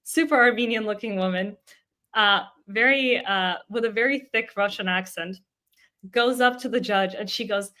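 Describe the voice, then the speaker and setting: Bright-voiced young woman telling a story. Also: medium pitch, normal speed. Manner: animated, laughs often while telling a story. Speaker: startup co-founder, guest. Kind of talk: casual interview storytelling.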